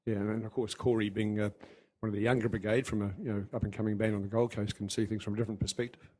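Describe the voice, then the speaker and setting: A man's voice: fairly low pitch, flat delivery, very fast, darkish tone. A man from New Zealand with a mixed New Zealand and English accent, chatting casually on a podcast and laughing easily.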